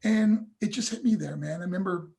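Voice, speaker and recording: Over a video call, a motivational speaker guesting on a podcast tells an emotional personal story in a high, slightly mellow voice at a fast clip. He talks earnestly and calls the hosts "guys."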